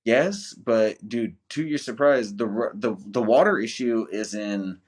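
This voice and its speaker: Brief: young American man, lowish voice, loose swearing storyteller, casual podcast guest. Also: a little slow, darkish tone. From United States. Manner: profane, rambling storyteller, swears a lot. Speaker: guest, volunteer soldier.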